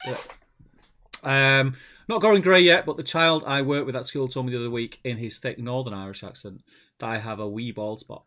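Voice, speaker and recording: A man's voice: medium pitch, a little fast. Laid-back man reading live chat aloud. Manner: reads out viewer chat comments; relaxed and chatty, calls his co-host mate. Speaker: stream co-host. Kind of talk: casual chat.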